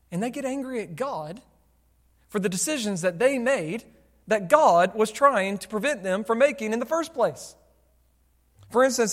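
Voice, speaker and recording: High-voiced pastor preaching in a reverberant hall. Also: male voice. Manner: conversational, rhetorical questions to the congregation. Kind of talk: sermon. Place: church sanctuary.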